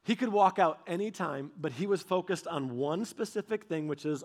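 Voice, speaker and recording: A man preaching a sermon, telling stories with animated delivery and acting out quoted voices. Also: fairly high pitch, normal speed.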